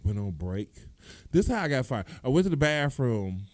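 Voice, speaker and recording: A man with a Detroit accent telling a loud, animated stand-up story, acting out the people in it and laughing often. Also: medium pitch, normal speed, no room sound. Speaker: stand-up comedian.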